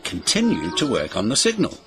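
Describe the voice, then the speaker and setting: A man narrating a children's storybook in an expressive, sing-song way. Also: medium pitch, fairly quick. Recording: music behind the voice.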